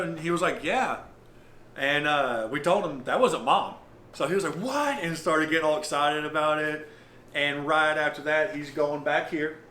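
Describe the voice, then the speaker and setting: A man's voice: on the high side, a bit bright. Man telling ghost stories, roomy. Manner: rambling, halting retelling with many fillers. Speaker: property owner and paranormal investigator. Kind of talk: casual storytelling interview. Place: inside an old lodge. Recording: roomy with faint noise.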